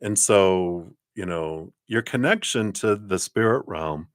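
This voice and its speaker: A man's voice: low-pitched, takes it slowly, no room sound, clean studio sound. A man giving live-stream tarot readings, chatty and upbeat, rambling from card to card. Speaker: tarot reader.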